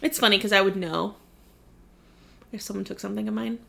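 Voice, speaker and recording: A woman's voice: mid-range voice, fairly even intonation, gravelly, sharp tone. A woman chatting casually while watching a film with a friend, sarcastic and giggly. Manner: sarcastic, giggly, quick comebacks. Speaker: co-host reacting to a film. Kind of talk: casual watch-along chat.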